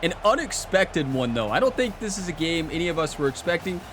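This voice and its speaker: A man's voice: fairly high pitch, big pitch swings, fairly quick, background noise. A man giving casual gameplay commentary at a home gaming setup, trash-talking with playful energy. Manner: fired-up, playful trash talk with laughs. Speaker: gaming YouTuber.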